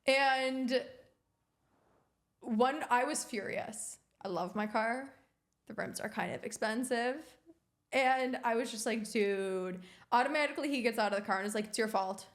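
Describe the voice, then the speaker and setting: Her voice leans high and her pace is unhurried. She's a young woman co-hosting a podcast, casually telling lively stories and acting out other people's lines.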